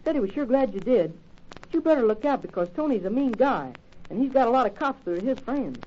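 A woman's voice: a little high, sing-song, quick pace, mellow. A woman playing an eager, teasing young boy who gossips, in 1940s radio acting. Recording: dull old radio recording with faint hiss.

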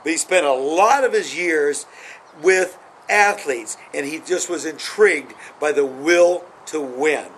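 A man's voice: fairly high pitch, measured pace, slight background noise, poor audio. A middle-aged man hosting his own videos, telling sports stories in a rambling, casual way and repeating "anyhow" as he goes. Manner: rambling, repeats "anyhow", acts out quotes with a rising excited voice. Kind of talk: casual storytelling monologue.

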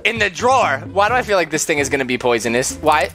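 A man hosting a gaming video, joking loudly through gameplay commentary with frequent sudden yelps and screams. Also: on the high side, big pitch swings, brisk, hardly any pauses. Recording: game music playing loudly underneath. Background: game music.

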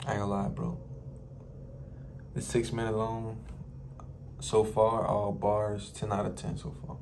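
A man's voice: fairly low pitch, completely flat delivery, a little slow, vocal fry, noisy background. A man from New Orleans hosting a music reaction, chatting casually to viewers and repeating lines he likes.

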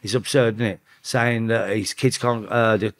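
Guest, male, low-pitched, casual and profane, voices others' lines. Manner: swearing, quotes others in rapid back-and-forth; animated, rising in pitch when quoting. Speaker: podcast guest. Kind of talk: casual storytelling.

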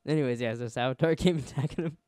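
A man's voice: medium pitch, fast, a little mellow, no echo, studio quality. A young man co-hosting a podcast in casual chat, giggly and teasing. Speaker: podcast co-host.

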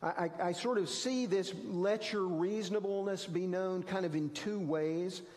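Pastor with a higher voice, church reverb. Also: male voice, moderate pace, darkish tone. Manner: conversational storytelling with self-deprecating humor. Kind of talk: sermon. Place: church sanctuary.

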